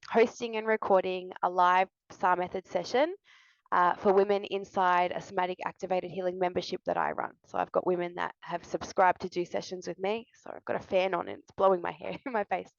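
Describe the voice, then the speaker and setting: A young adult woman, a somatic healing coach, speaks candidly and earnestly to the camera from indoors while a fan runs. Her voice is fairly low and gravelly, soft and confessional, with fairly even intonation and a normal pace. The recording is dull, lo-fi and dry, with no echo.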